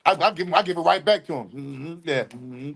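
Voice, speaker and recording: A man's voice: a little high, vocal fry, a bit bright, slightly rough. Slangy man hosting a livestream. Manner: loose street slang, drawn-out emphatic asides. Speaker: podcast co-host. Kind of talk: casual livestream chat.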